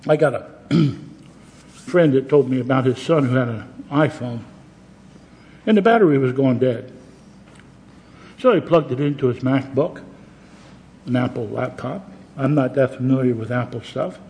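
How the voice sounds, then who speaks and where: A man's voice: medium pitch, normal speed, pauses often, a little mellow, poor audio. A man preaching a sermon as pastor, earnest and plain-spoken, with conversational asides to his congregation.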